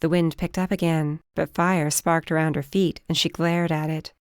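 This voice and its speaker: A woman narrating a first-person fantasy audiobook in a steady, measured way. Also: low-pitched, clean tone, no room sound, studio quality.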